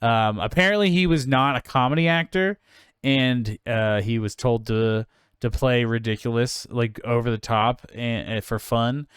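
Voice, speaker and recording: A man's voice: mid-range voice, steady tone, a little slow, a bit bright, clear, resonant tone, dry recording, studio quality. Rambling, enthusiastic podcast co-host, a man. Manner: rambling, enthusiastic, swearing casually. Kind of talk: casual film chat.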